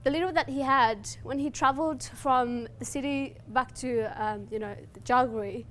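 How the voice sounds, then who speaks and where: A woman's voice: high-pitched, moderate pace, fairly bright tone. A young woman from Afghanistan, a guest speaker and human rights advocate, giving an earnest spoken-word poem and then talking personally about her life at a community meetup. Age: young adult. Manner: earnest and heartfelt.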